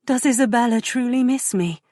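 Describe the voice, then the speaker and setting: Woman doing a shy gentle young governess. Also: on the high side, brisk, no room sound, studio quality, pitched above the performer's own voice, lightly acted. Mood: tender.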